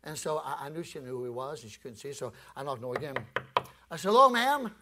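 A male preacher telling a story in a sermon, animated and acting out the scenes. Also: medium pitch, fast talker, background noise.

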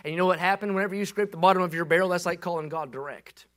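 Animated, shouting male preacher. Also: high voice, rapid-fire. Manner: animated, shouting, folksy humor. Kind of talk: sermon.

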